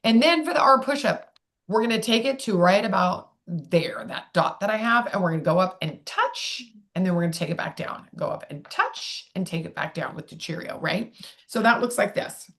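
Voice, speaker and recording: A woman's voice: mid-range voice, lively intonation, normal speed, a bit bright. A woman speech therapist leading an online workshop in a chatty, digressive way, demonstrating sounds aloud. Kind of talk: live online workshop teaching.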